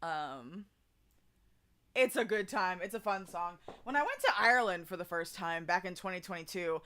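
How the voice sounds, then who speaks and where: Talking loosely to her karaoke stream viewers, this young woman rambles and restarts often, leaning on fillers. She has a lowish, bright voice with a forceful tone, animated but moving at a moderate pace.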